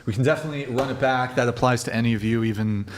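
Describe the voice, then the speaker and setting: A man's voice: medium pitch, racing. A man hosting a live-streamed talk show, loose and rambling, swearing now and then and laughing a lot. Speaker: show host.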